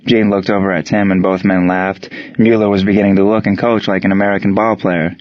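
A man narrating a story in even, steady scripted narration. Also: sits low, a little fast, no room sound. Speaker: audiobook narrator. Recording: dry, dull lo-fi sound.

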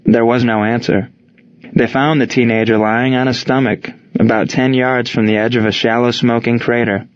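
A man narrating an audiobook in a steady, measured reading. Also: medium pitch. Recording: dull lo-fi recording.

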